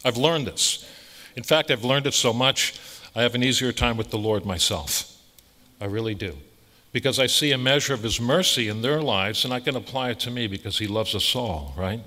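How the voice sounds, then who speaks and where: A man's voice: medium pitch, moderate pace, bright, forceful tone, long reverb tail. A man, a priest, giving a conversational sermon in an emphatic, blunt way, repeating phrases for stress.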